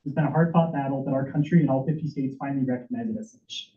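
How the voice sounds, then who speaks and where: Fast, emotional man in an echoey hall. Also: medium pitch, steady tone. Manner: urgent, emotional, with stumbles and repeats. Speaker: public commenter at senate meeting. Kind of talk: impassioned prepared speech. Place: meeting hall. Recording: echoey room over tinny phone-like audio.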